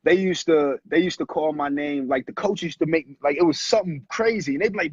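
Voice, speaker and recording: A man in his thirties, a former pro basketball player and guest, telling animated stories in casual talk and acting out quotes. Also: a little high, fairly quick, few pauses, no room sound. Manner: animated storyteller who acts out quotes. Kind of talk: casual storytelling interview. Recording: muffled lo-fi audio, husky.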